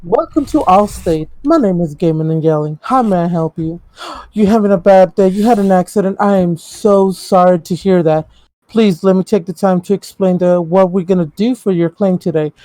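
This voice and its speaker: A blunt stream guest chatting over voice chat. The voice is mellow and dark and sits at a middle pitch. The sound is very dry and close. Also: moderate pace, no echo. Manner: blunt, swears freely, mimics a polite phone agent.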